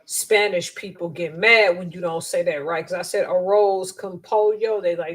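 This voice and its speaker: A woman in a casual stream chat who cuts in with quick, teasing remarks. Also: lowish voice, steady tone, a bit bright.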